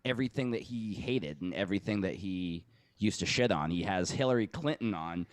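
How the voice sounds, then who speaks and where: A man's voice: sits low, lively intonation, a little fast. A man hosting a podcast, talking in rambling, profane casual banter and laughing often. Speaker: podcast host. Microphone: podcast studio mic.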